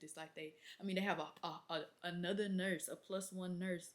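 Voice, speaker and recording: A young woman, a nurse, venting casually to camera, exasperated and animated as she acts out conversations. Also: on the low side, brisk, hardly any pauses, slight background noise. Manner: exasperated, animated storytelling with acted-out quotes. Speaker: labor and delivery nurse, vlogger.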